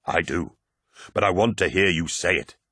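A man's voice: sits low, moderate pace, bright, forceful tone, breathy edge, dry recording, clean studio sound, heavily acted. A man reading an audiobook, voicing a blunt, defiant male veteran warrior with a sardonic edge. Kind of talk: audiobook character voice.

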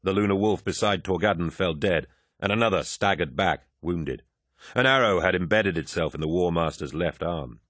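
A man narrating an audiobook in a measured, dramatic storytelling manner. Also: low voice, fairly bright tone, no room sound, studio quality.

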